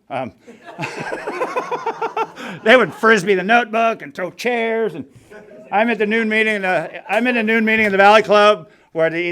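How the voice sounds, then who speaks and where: A man's voice: high voice, fairly bright tone. Blunt wry middle-aged man telling his story. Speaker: recovery meeting speaker. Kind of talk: personal recovery story told to a group. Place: meeting room.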